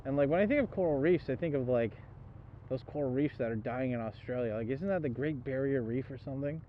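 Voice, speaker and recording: A man's voice: mid-range voice, fast talker. A man vlogging a rainy motorcycle trip in a loose, chatty way, swearing freely and talking to the camera while soaked and chilled. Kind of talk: casual vlog talk to camera. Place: outdoors on a motorcycle and inside a convenience store. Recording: dull lo-fi audio with wind and road noise.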